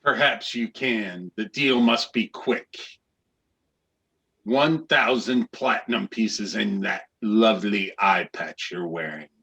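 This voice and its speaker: A man's voice: lowish voice, vocal fry, pushed and bright, slightly rough, exaggerated voice. A man voicing a nervous male turtle gatekeeper who haggles over a prisoner.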